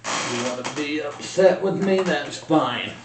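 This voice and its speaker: A man's voice: a little high, unhurried, echoey room, noisy background. A man building a scale model on a casual vlog, muttering to himself in frustration as he works.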